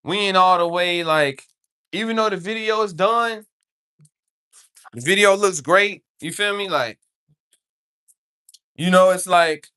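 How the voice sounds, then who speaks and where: Speaking a little slowly and pausing often, a streamer chats in a casual, wandering way, constantly engaging viewers and repeating "you know what I'm saying." The medium-pitched voice is smooth, pushed, and bright.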